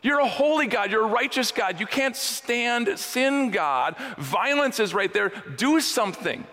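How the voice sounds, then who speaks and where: A man's voice: very high-pitched, animated, unhurried, bright, forceful tone, pitched above the performer's own voice, exaggerated voice. A man acting out a male prophet who cries out to God, pleading urgently and insistently. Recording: echoey hall.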